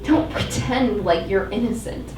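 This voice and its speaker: A woman's voice: mid-range voice, measured pace, a little mellow, slight background noise, lightly acted. A woman voicing a remorseful young man, an archer, with a plain, pleading delivery, in a live reading. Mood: cold. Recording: roomy live venue, mic at a distance.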